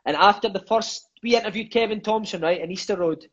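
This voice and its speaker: Scottish man, 30s, raised-pitch chatty storyteller, swears a lot, lo-fi dull audio. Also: fairly bright tone. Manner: swears freely, fills lines with "mate" and "aye", quick enthusiastic storyteller. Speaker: podcast guest. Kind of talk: casual storytelling chat.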